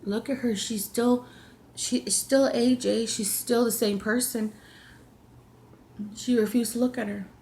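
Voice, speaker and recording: A woman's voice: fairly high pitch, fairly even intonation, measured pace, gravelly, pauses often, darkish tone, a little hiss or hum. Woman telling an emotional story. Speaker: vlogger. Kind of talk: personal storytime vlog.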